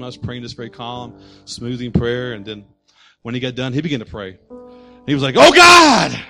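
A man preaching a sermon as pastor, telling stories with humor and shifting between loud, excited passages and quieter explanation. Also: mid-range voice. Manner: storytelling preacher, animated and humorous.

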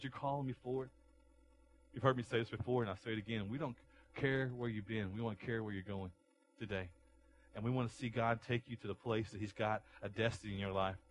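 A man preaching a sermon as a pastor, moving between quiet, low passages and loud, raised delivery, often repeating words as he goes. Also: rough recording. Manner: repeats words and restarts phrases while preaching.

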